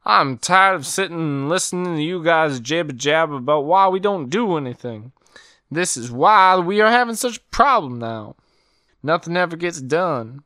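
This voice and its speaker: A man's voice: on the high side, sharp tone, dry recording, studio quality, exaggerated voice. A man playing a brash cowboy lawman who rides horseback and rants in favor of vigilante justice. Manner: blustering, ranting. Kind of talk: improvised comedy character.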